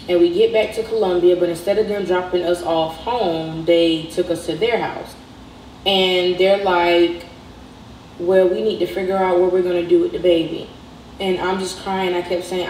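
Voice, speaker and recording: A woman's voice: lowish voice, steady tone, unhurried, darkish tone, recorded from a distance, a little hiss or hum. A young woman, telling a personal storytime and acting out the people in it. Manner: conversational, retells dialogue. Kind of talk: storytime narration. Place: played clip inside a reaction video. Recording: echoey clip heard from afar.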